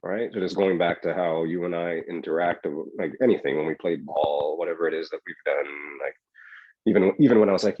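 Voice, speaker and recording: A man's voice: low-pitched, brisk, slightly rough, dry recording, narrow, tinny audio. A man co-hosting a podcast, talking in a loose, rambling way full of "right?" and "yo". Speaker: podcast co-host. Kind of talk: casual chat.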